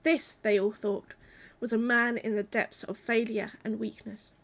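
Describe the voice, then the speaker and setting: A woman delivering a sermon in a calm, measured, reflective way. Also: a little high. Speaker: preacher.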